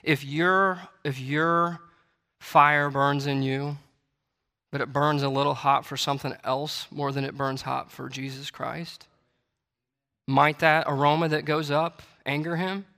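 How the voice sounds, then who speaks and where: A man's voice: a little high, little pitch movement, measured pace, bright, forceful tone. A male preacher delivering a sermon in church, reading scripture and building to emphatic, repeated declarations. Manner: preaching with rising intensity and emphatic repetition; reads scripture aloud in King James wording. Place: church sanctuary. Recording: long hall reverb.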